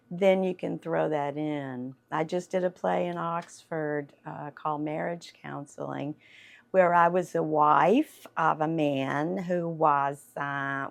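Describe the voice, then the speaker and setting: Woman, 60s, faint Southern accent, low-pitched, unhurried anecdotal talk. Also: gravelly. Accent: light Southern US. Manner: chatty, unhurried, laughs often. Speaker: actress and voiceover artist giving a talk. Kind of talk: storytelling talk to an audience.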